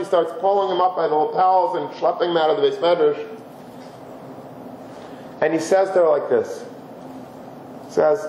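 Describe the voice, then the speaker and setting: Rabbi telling a story in a roomy hall. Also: male voice, on the high side, moderate pace, long pauses. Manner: conversational, animated storytelling with Hebrew terms. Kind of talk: storytelling Torah lesson. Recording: roomy dull lecture recording with faint hiss.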